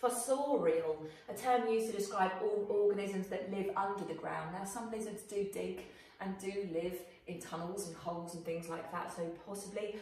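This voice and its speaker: A woman teacher explaining a writing task to her pupils in a clear, questioning way, recorded for a video lesson. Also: medium pitch, normal speed, darkish tone, far from the mic. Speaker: primary school teacher. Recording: echoey room, voice off-mic.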